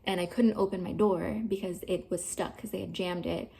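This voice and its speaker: A woman's voice: on the low side, fairly even intonation, normal speed, vocal fry, dark tone. A woman in her twenties talking candidly to the camera about something that happened to her, swearing freely and using a lot of fillers. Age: 20s. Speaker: vlogger. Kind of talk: personal storytelling to camera.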